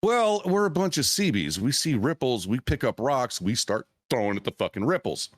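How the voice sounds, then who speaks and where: A man's voice: medium pitch, big pitch swings, moderate pace, dry recording. A veteran man on a podcast telling a profane, rambling war story with frequent restarts and swearing. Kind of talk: casual storytelling chat.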